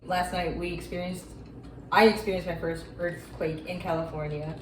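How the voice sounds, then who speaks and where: A young woman co-hosting a casual food vlog, relaxed and understated in her remarks. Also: on the low side, normal speed. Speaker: co-host, host's wife. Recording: echoey room, distant mic, faint noise.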